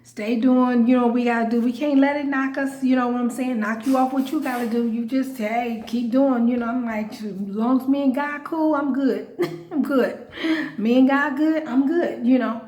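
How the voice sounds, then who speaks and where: A woman's voice: on the high side, fairly even intonation, normal speed, a little mellow. A woman vlogger and comedian talking straight to her viewers, emphatic and chatty, repeating phrases for stress and laughing often. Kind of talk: casual direct-to-camera talk. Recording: echoey room.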